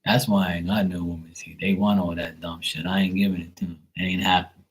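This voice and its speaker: Low-pitched and flat, his delivery moves quickly. He's a tarot livestream host from Bermuda, in his forties, ranting casually with plenty of swearing and joking while playing both parties in phone conversations.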